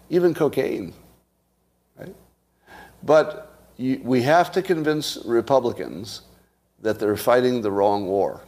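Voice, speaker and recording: A man's voice: fairly low pitch, darkish tone. A man giving a casual political monologue, blunt and profane, firing off rhetorical questions. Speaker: commentator.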